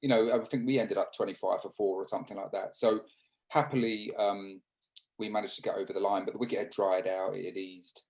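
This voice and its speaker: In a casual video-call interview, this former cricketer from England, now in his fifties, recounts stories haltingly, with fillers and restarts. The low-quality recording captures a low voice with a darkish tone.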